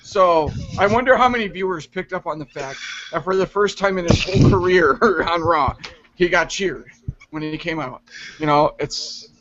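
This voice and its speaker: A man's voice: a little high, moderate pace, a bit bright. A man reviewing a wrestling show in casual, profane chat, rambling and laughing often. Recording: dull lo-fi recording.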